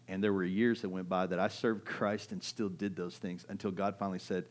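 A middle-aged man preaching in a loose, conversational style, his voice sitting a little low. He swings between loud, urgent stretches and hushed ones, and keeps turning to the audience with a quick "right?". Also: flat delivery. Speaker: pastor. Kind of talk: sermon.

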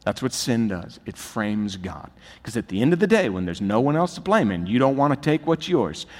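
A man's voice: mid-range voice, big pitch swings, normal speed. A man preaching a sermon as pastor, emphatic and building to urgent, rising peaks. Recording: long reverb of a large hall.

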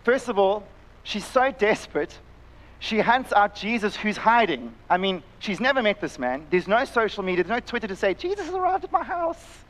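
Impassioned higher-voiced pastor. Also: male voice, animated, moderate pace, low-quality recording. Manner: impassioned, acts out voices in the story, drops to quiet intensity. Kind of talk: sermon. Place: church, live-streamed service.

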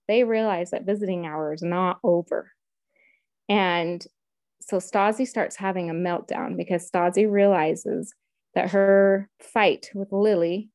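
Earnest woman telling her story, mellow. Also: fairly low pitch, no echo. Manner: earnest, emotional retelling. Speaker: interview guest. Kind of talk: personal storytelling.

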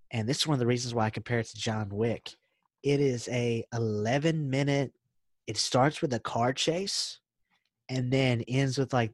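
A man's voice: mid-range voice, no room sound. A young man co-hosting a podcast, chatting casually and eagerly retelling movie scenes, saying "dude" a lot. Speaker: podcast co-host. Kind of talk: casual chat.

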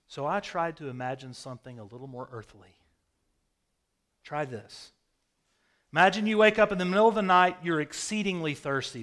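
A man preaching a sermon, telling vivid stories with sudden swings from loud bursts to quiet, hushed phrases. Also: a little high. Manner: storytelling, dramatic swings in loudness. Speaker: pastor. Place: rural home with a hayfield.

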